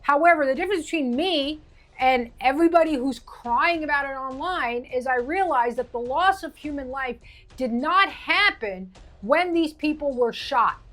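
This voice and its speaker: High-voiced woman in an indignant rant. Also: expressive, a bit bright. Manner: indignant, emphatic, rapid-fire rhetorical questions. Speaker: political commentator. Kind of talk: impassioned commentary monologue.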